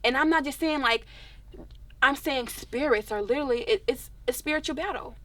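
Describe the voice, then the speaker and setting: A young woman, a singer telling stories in a casual interview, expressive and animated. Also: high-pitched, normal speed. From Dallas, Texas.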